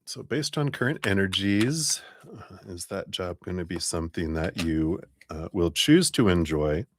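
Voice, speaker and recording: A man hosting a live tarot reading, chatty and quick to laugh, stretching words for emphasis. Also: low-pitched, expressive, slight background noise. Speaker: tarot reader.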